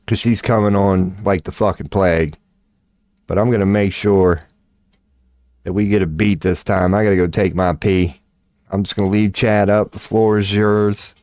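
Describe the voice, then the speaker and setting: Male streamer, casual and profane, dark mellow tone, dry close mic. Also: lowish voice, steady tone, normal speed, no room sound. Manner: profane, laughing, rambling storyteller. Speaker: livestream host. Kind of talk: casual livestream chat.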